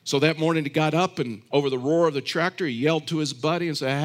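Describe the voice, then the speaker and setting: Earnest preaching man, higher voice. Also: fast talker, few pauses. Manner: earnest, repetitive, storytelling with restarts. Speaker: pastor. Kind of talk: sermon.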